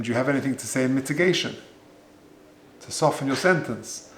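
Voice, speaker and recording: A man's voice: mid-range voice, gravelly. A man, a rabbi giving a Torah lecture, conversational, with Hebrew and Yiddish terms and rhetorical questions. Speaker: rabbi teaching a weekly Torah class. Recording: echoey room.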